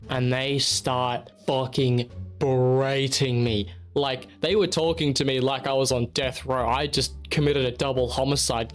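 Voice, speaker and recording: A young man, casually telling a story to the camera in a rambling, self-mocking way with plenty of swearing. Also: mid-range voice. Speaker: channel host.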